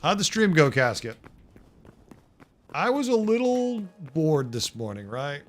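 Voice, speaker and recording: A man's voice: fairly high pitch, very animated, measured pace, faint music behind. A man with a Boston accent streaming a building game, chatting casually with viewers. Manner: chatty, talks to chat viewers. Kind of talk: casual livestream chat.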